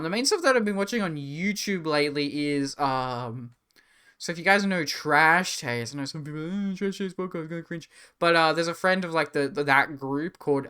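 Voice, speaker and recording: Male streamer, casual chatty rambler, clean crisp voice. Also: a little high, pushed and bright. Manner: rambling, chatty, reads chat aloud. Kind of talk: casual live-stream chat.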